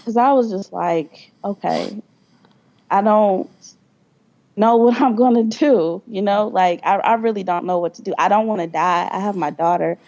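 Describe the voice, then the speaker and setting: A woman's voice: medium pitch, moderate pace, a little mellow, highs cut off. A young adult woman, a podcast guest, telling her story candidly with blunt profanity and acted-out quoted dialogue.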